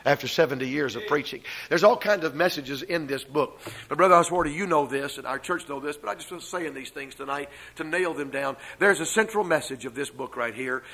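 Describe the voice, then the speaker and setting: An older man preaching a sermon as pastor, stressing slow repeated refrains between fast stretches. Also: a little high, pushed and bright, rough recording.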